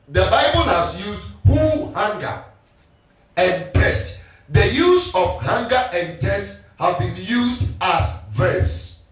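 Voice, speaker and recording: A man's voice: sits high, fairly bright tone. Male pastor, call-and-response sermon teacher; echoey distant church sound with faint music. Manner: teaching call-and-response, repeating reader's lines.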